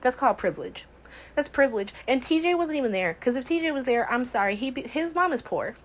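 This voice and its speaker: A woman's voice: high voice, lively intonation, fast talker, low-quality recording. A woman hosting a casual soap opera recap from home, talking in a sassy, exasperated way full of rhetorical questions.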